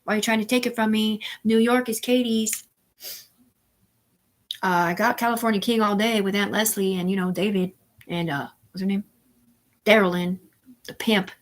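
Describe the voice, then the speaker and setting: A woman's voice: medium pitch, fairly even intonation, moderate pace, long pauses. A woman hosting a live stream, talking in a rambling, profane monologue that jumps from topic to topic. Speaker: livestream host.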